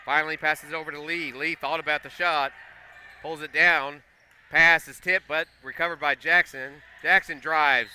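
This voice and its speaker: Male play-by-play announcer, excitable, sharp bright tone, lively on big plays. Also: normal speed, slight background noise. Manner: excitable, voice jumps high and loud on big plays. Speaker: play-by-play commentator. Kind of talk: live basketball commentary. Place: school gym.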